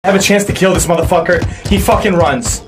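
A man shouting and swearing constantly as he rages at a video game. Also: high voice, fast talker, loud music behind the voice. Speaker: gamer. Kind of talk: gaming rage.

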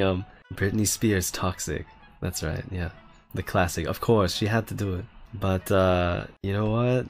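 A man chatting casually in a relaxed, joking way. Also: on the low side. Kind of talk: casual chat.

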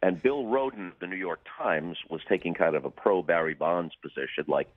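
An older broadcaster telling dry, wry anecdotes with deadpan punchlines as a radio show guest. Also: male voice, low-pitched, a little fast, few pauses, no room sound, narrow, tinny audio. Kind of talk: storytelling in a radio interview.

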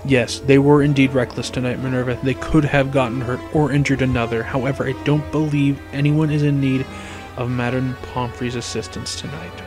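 A man doing a gentle, grave old headmaster. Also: medium pitch, steady tone, music in the background, lightly acted. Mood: solemn. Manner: soft, measured and solemn.

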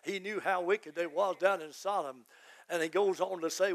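A man, a pastor, preaching a fervent sermon that rises to shouts. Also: high voice, moderate pace, creaky.

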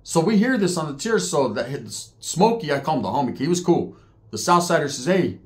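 A man's voice: a little high, fast. A middle-aged man telling a story in casual street slang, acting out the voices of others as he goes. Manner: street slang, animated retelling, mimics other inmates' voices. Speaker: podcast storyteller.

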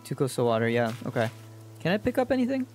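A streamer talks casually over gameplay with playful, crude jokes. The voice swings lively up and down, and game music plays clearly behind it. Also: medium pitch, fast.

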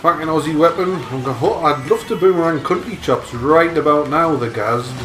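A man's voice: on the high side, brisk, fairly bright tone. A man playing a racing game online and trading crude, swearing jokes with a friend. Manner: swears constantly, teasing, laughs a lot. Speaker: gamer. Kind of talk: crude joking gameplay banter. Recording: echoey room with game music.

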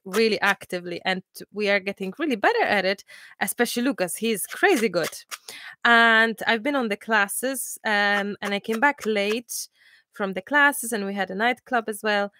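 A woman in her thirties hosting a live crafting class, chatting and telling stories in a lively way with many restarts. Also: mid-range voice, no echo, studio quality. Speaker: crafting channel host. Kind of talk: casual chat during a live crafting class.

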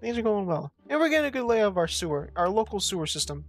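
A foul-mouthed commentator playing a horror game, muttering at the screen and then yelping in sudden bursts of high-pitched alarm. The voice sits mid-range with faint music underneath. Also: very animated, quick pace. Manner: profane, rambling, talks back to the game; sudden loud outbursts and jumps in pitch. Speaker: gameplay commentator. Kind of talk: let's play commentary.

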